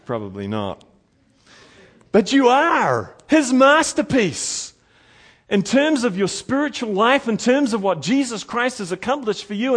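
A middle-aged man preaching a sermon as pastor, earnest, slowing down to stress key words. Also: on the high side.

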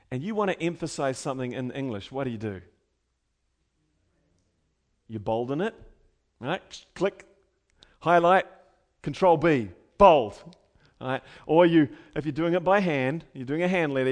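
A man preaching a sermon, moving between quiet conversational asides and rhetorical questions and loud, shouted emphasis. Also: fairly high pitch.

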